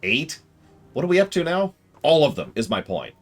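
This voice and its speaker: A man's voice: a little high, big pitch swings, moderate pace, husky. Chatty man streaming a game. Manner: chatty, rambling asides. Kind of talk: casual game commentary.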